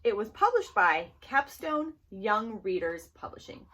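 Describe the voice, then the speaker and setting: A woman's voice: medium pitch, big pitch swings, unhurried, fairly bright tone. A woman leading a children's story time at a library, reading aloud playfully and laughing often. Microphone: camera mic in a library room.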